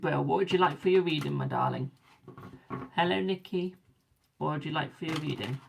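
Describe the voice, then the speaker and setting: Brief: British woman, tarot reader on a live stream, deep voice with a bit of fry, chatty and affectionate, slightly tired. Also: normal speed, noisy background. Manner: chatty, calls viewers darling and boo. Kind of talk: casual live-stream chat and readings.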